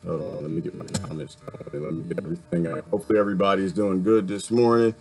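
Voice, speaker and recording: A man's voice: sits low, steady tone, fast, darkish tone. A man hosting a casual livestream, talking bluntly and repeating himself, a little annoyed. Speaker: livestream host.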